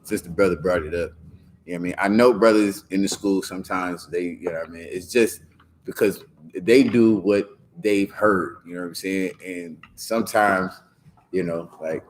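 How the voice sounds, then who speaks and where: A man with a low, deep voice leads a scripture class in loose street slang. He rambles from one point to the next and keeps checking in with "you know what I'm saying?" A faint hiss of background noise runs under the recording. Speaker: teacher leading a scripture class. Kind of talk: casual talk in a religious class.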